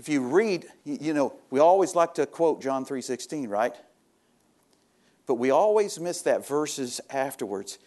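Male pastor, sermon delivery, somewhat high voice, booming exhortation dropping to hushed confiding asides. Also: expressive, normal speed. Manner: swings between loud rising exhortation and quiet, low confiding talk; reads scripture aloud, then explains it plainly.

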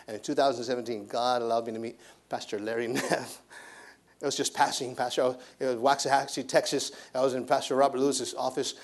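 A man's voice: medium pitch, fairly even intonation, quick pace. A man preaching a sermon as a missionary pastor, with an emphatic delivery that repeats phrases.

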